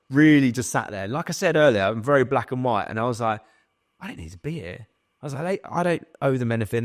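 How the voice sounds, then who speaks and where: Fast-talking man telling a story. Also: fairly low pitch, dry recording, studio quality. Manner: swearing, animated retelling with quoted dialogue. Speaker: podcast guest. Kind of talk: casual storytelling interview.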